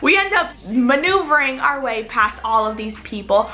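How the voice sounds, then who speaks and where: Bubbly high-pitched young woman vlogger. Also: animated, normal speed, bright, forceful tone. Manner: chatty, dramatic storytelling with many "like"s. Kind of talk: story time vlog.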